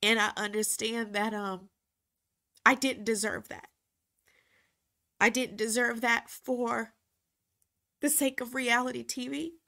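A woman in an emotional personal reflection, speaking earnestly and with frequent pauses. Her voice sits a little high and sounds bright and clear. She moves slowly, often repeating herself to drive a point home. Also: fairly even intonation. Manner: halting and earnest, repeating phrases for emphasis. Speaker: former reality TV cast member.

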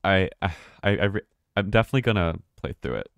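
A man's voice: low voice, lively intonation, fast talker, no echo. A man streaming a game live, chatting casually and rambling, often swearing and laughing. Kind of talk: casual live gameplay commentary.

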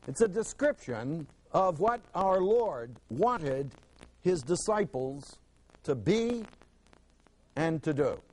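A man's voice: on the high side, sing-song, slow, a little mellow, poor audio. A man teaching a Bible lesson to a class, emphatic, asking the class questions and repeating words for stress.

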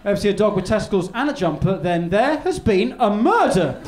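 This stand-up comedian's voice sits high, and he's very animated and fairly quick as he rambles through a story, stammering and restarting. It's a live comedy venue, and the room is echoey and noisy.

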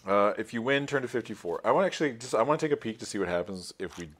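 A man's voice: fairly low pitch, animated, very fast, slight background noise. A man reading a choose-your-own-adventure book aloud during a tabletop stream, casual and joking with frequent swearing. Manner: profane, joking. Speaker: player reading a gamebook aloud.

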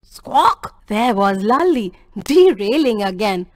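A woman's voice: high voice, big pitch swings, measured pace, no echo, studio quality. A woman teacher reading a textbook story aloud expressively.

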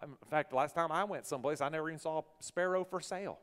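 Pastor, fairly high-voiced man, preaching with big swings in loudness, long hall echo. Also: very fast, smooth. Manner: animated preacher, swings from soft to loud. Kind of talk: sermon. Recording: long church hall reverb.

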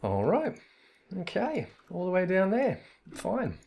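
Wry, gravelly man chatting over a game. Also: sits high, huge pitch swings, slow, highs cut off. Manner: wry, chuckling asides. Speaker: gamer. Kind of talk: casual let's play commentary.

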